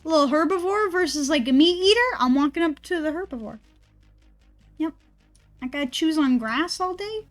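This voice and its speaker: A woman's voice: high voice, animated, moderate pace, soft background music. A woman streamer in casual stream chat, ranting and rambling with a lot of swearing.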